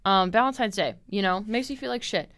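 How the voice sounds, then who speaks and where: A woman's voice: medium pitch, brisk, fairly bright tone, dry recording, clean studio sound. Candid, swearing young woman podcaster. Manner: chatty and candid, lots of "like" and "um", swears freely. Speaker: podcast host. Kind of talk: casual solo podcast rant.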